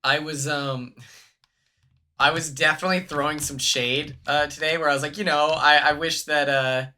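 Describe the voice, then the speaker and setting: A man's voice: on the high side, fairly even intonation, normal speed, sharp tone. A young man chatting casually on a gaming stream, joking and laughing with his chat. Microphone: earbuds.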